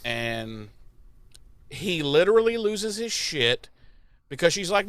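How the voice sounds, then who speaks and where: A man's voice: fairly high pitch, big pitch swings, takes it slowly, pauses often, fairly bright tone, no room sound. A young adult man co-hosting a podcast, recapping an episode in casual, profane chat and acting out quotes in exaggerated voices. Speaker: podcast co-host.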